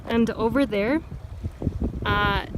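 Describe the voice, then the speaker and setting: A woman's voice: medium pitch, takes it slowly. A young woman narrating a casual weekend vlog on a handheld camera, chatty, with laughs and many fillers. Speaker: vlogger. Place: outdoors by a mountain lake, later a hotel room. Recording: loud outdoor background noise.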